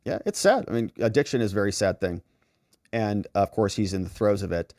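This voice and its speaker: Male legal commentary host, casual, thinking-aloud delivery, animated pitch, dry close sound. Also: a little fast, dry recording. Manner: thinking aloud, conversational, with fillers. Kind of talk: casual commentary reading out text messages.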